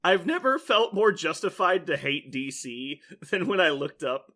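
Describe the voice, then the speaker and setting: A man hosting a podcast in casual chat, an animated storyteller who rambles with lots of "like" and laughs often. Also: a little high, normal speed. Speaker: podcast host.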